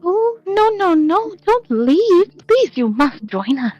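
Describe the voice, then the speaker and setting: A woman voicing a doting, overly affectionate old grandmother in a tabletop game, with soft background music. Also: very high-pitched, big pitch swings, slow, muffled recording, voice pushed up, full character voice. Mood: pleading. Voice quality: sweet, fussy, gushing.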